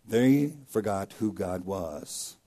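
Male pastor, sermon delivery, low mellow tone, big dynamic swings, repeats for emphasis. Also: lively intonation, slow. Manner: preaching with swings from loud emphasis to hushed drops; repeats key phrases for emphasis.

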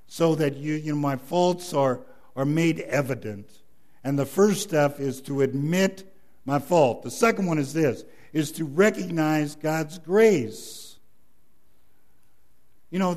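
A man's voice: a little high, darkish tone. Man preaching an emphatic sermon. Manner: emphatic preaching, tells a joke story. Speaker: pastor.

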